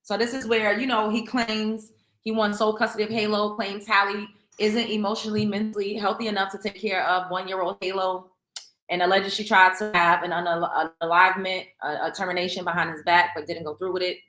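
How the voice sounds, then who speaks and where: Middle-aged woman, gossip show host, emphatic, opinionated, bright voice, roomy echo. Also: medium pitch, flat delivery, a little fast. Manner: emphatic, opinionated, repeats herself for stress. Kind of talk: casual celebrity gossip commentary.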